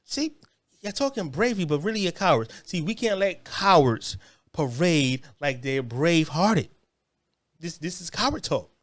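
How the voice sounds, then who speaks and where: Brash man ranting, high and lively. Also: moderate pace, no room sound. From United States. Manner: brash, taunting, repeats words when heated. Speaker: podcast host reacting to clips. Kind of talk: mocking rant commentary.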